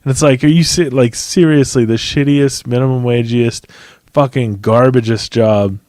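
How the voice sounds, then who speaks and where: Male podcast host, mid pitch, rambling and profane, dry close sound. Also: fairly even intonation, moderate pace, a little mellow, dry recording. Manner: rambling, profane, laughs often. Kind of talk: casual chat.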